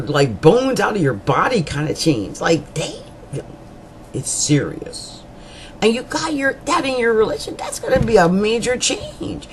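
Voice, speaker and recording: A woman's voice: mid-range voice, a little hiss or hum, low-quality recording. A woman astrologer giving a monthly horoscope reading, talking in a rambling, colloquial, chatty way with jokes, asides and repeated words for emphasis.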